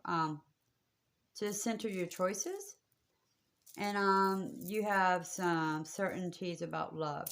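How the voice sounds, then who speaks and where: A woman with a low, deep voice speaks to her viewers on a live stream. She does spiritual readings in a rambling, affectionate way and fills her talk with fillers. Her delivery stays casual and chatty. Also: creaky.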